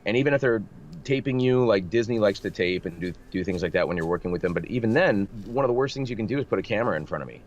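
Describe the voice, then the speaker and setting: A man's voice: on the low side, lively intonation, fast talker. A man who works as a voice actor, chatting animatedly in an interview, with a slightly nasal voice and lots of restarts. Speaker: voice actor guest. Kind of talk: casual interview chat. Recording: dull lo-fi remote audio with faint noise.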